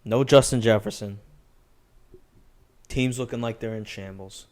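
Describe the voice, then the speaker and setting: A young man hosting a casual sports betting podcast, loud and laughing, swearing often. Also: on the low side, fairly even intonation, unhurried. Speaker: podcast host.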